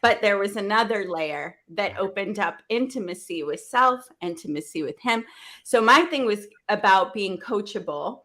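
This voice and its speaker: Animated storytelling woman host. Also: medium pitch, moderate pace. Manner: animated, acts out dialogue, laughs often. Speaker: event host. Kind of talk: storytelling panel talk.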